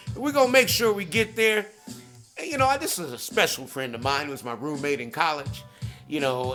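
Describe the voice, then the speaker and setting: A man hosting a podcast who pitches hard, repeats catchphrases, keeps asking "okay?" and shouts out people by name. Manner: hype-driven, repeats catchphrases, peppers with "okay?". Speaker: podcast host. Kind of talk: promotional monologue.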